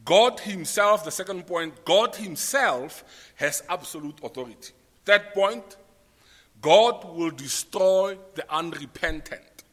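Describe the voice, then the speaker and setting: A man's voice: sits high, animated, slow pace, fairly bright tone, in a large hall. A man with a South African accent preaching a sermon, spelling out his points and repeating them for note-takers. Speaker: pastor.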